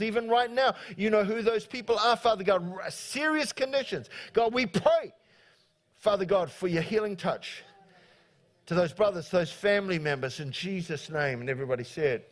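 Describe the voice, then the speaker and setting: High-voiced halting male pastor. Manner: halting, repeats words often, calls for amens. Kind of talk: sermon. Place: church sanctuary.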